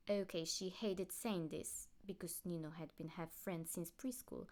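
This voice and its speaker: A woman reading fan fiction aloud in a lively, expressive way. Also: fairly low pitch, moderate pace, hardly any pauses.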